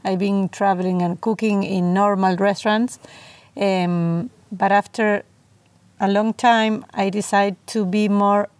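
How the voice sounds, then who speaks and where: A woman's voice: medium pitch, fairly even intonation, unhurried, a little mellow, no echo. A middle-aged Argentinian woman, a native Spanish speaker, answering interview questions in hesitant English as she searches for words. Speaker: chef, podcast guest.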